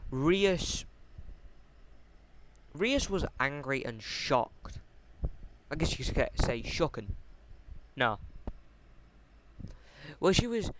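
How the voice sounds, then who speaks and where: A man's voice: medium pitch, animated, fairly bright tone, slight background noise. Rambling man telling a fan story. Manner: halting and rambling, with many fillers, restarts and casual swearing. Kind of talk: casual unscripted fan-story retelling.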